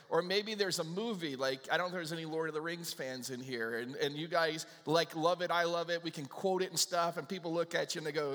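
A man preaching a sermon to his congregation in a conversational, animated way, acting out little back-and-forth exchanges. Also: fairly high pitch, a little fast, hardly any pauses, big-room sound. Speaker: pastor. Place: church sanctuary with a live congregation.

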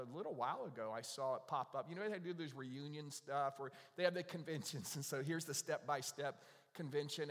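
A middle-aged man from North Carolina preaching a conversational sermon, asking the congregation questions and acting out quoted asides. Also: fairly high pitch. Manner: chatty, asks the congregation questions, acts out little quoted asides. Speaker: pastor. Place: church sanctuary. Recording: long reverb of a church hall.

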